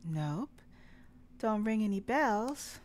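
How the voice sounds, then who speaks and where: A woman's voice: medium pitch, sing-song, slow, a little mellow. A woman voicing a tough, guarded widow in a story game, with dry, clipped remarks.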